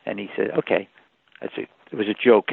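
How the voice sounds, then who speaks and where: An older man, telling animated anecdotes as a guest in an interview over a phone line. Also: lowish voice, a little fast, creaky, slightly rough, dry recording. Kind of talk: storytelling interview.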